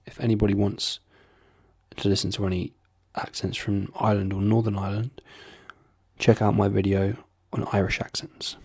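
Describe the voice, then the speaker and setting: Low gravelly London man. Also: little pitch movement, moderate pace, darkish tone, dry recording, studio quality. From London, England. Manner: chatty, drifts between accents and registers. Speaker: accent video host. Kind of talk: casual accent tutorial.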